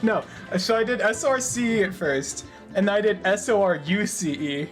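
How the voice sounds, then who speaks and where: A young man reads a visual novel out loud, then drifts into loose banter full of laughs and swearing. His pitch swings a lot as he talks, with faint music underneath. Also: lively intonation, normal speed. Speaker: audiobook reader. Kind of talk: reading a visual novel aloud with casual chat.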